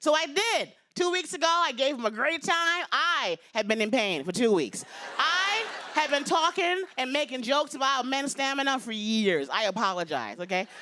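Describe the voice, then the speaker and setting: A woman's voice: high voice, big pitch swings, moderate pace, sharp tone, slight background noise. A woman in her fifties doing a brash, confiding stand-up routine on stage before a live audience. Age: 50s. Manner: brash, confiding, punchline-driven. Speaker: stand-up comedian.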